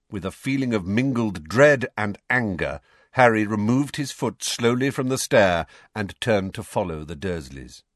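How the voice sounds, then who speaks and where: A man reading a novel aloud in an expressive storybook narration. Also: fairly low pitch, no echo, studio quality. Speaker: audiobook reader.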